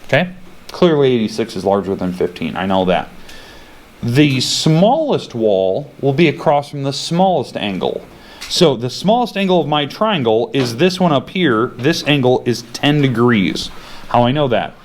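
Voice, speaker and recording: A man's voice: mid-range voice, big pitch swings, normal speed. A young male teacher giving a casual math lesson in a classroom, thinking aloud as he works through problems.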